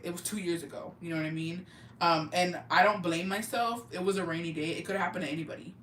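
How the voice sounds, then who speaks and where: Bright, foul-mouthed young storyteller. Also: mid-range voice, far from the mic, slight background noise. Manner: profane, animated storytelling with slang and Spanish words. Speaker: podcast co-host. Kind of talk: casual chat. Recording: roomy, off-mic with faint ambience.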